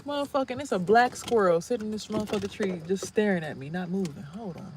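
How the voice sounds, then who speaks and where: A young woman rambling casually in a spiritual vlog outdoors, animated and swearing, exclaiming at things she sees. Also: medium pitch, fast, a little hiss or hum. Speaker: spiritual vlogger and reader. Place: outdoors near trees.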